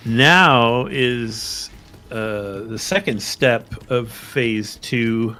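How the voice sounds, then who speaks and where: Slow-talking man running a tabletop game. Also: medium pitch, pushed and bright. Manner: unhurried explanations with fillers and restarts. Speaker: game master.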